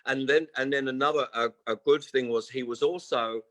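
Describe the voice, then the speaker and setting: A man's voice: medium pitch, fairly even intonation, moderate pace, a bit bright, dry recording, poor audio. A man in his sixties, a guest musician telling long stories in casual interview chat and acting out the people he quotes. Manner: rambling storyteller who acts out quoted voices. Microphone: remote call.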